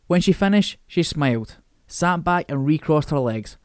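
Man, novel narration, wry and steady, fairly high, very dry close sound. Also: normal speed, clear, resonant tone, dry recording. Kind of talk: reading a novel aloud.

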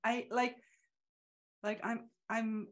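A woman in casual, reflective conversation, talking haltingly with many restarts and acting out the voices she quotes. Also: on the high side, level tone.

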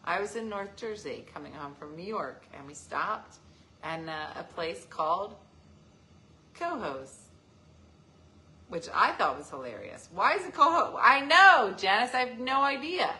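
A woman's voice: medium pitch, lively intonation, a little slow, pushed and bright. A woman hosting a casual live stream, joking and teasing as she answers viewer comments. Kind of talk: casual chat.

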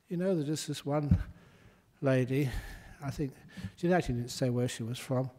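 A man's voice: mid-range voice, moderate pace, mellow. A man, a Buddhist monk, giving a humorous dharma talk in a chatty way and laughing at his own stories.

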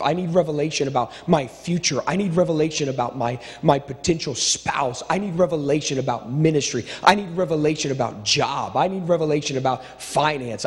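A middle-aged male pastor preaching a sermon with impassioned, repetitive phrasing, swinging between stirring build-ups and low, quiet asides. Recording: long reverb of a large hall.

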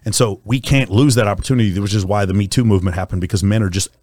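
Blunt guy ranting fast on a podcast, lowish voice, swears a lot, dead dry sound. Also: fairly even intonation, a little mellow, dry recording. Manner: blunt, profane, rapid storytelling. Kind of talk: casual podcast chat.

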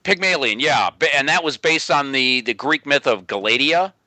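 A man's voice: medium pitch, expressive, normal speed, sharp tone, dry recording. A middle-aged man in a casual panel chat, rambling and correcting himself as he talks.

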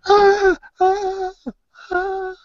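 A man's voice: sits high, animated, fast, a little mellow, breathy edge, no echo, pitched above the performer's own voice. A man voicing a traumatized boy who screams and then speaks in a dazed way. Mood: screaming. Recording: dull lo-fi sound.

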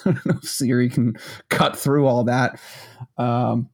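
A man's voice: mid-range voice, flat delivery, measured pace, gravelly, darkish tone. A man co-hosting a casual podcast chat, rambling with many restarts and frequent laughter. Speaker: podcast co-host.

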